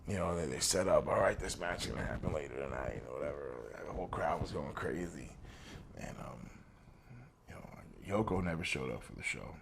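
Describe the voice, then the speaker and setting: This New Jersey man, a former wrestler, speaks fairly quickly with lively intonation while telling a long, laid-back story as an interview guest. He recalls old conversations and curses freely in a deep, gravelly voice, with faint noise in the background.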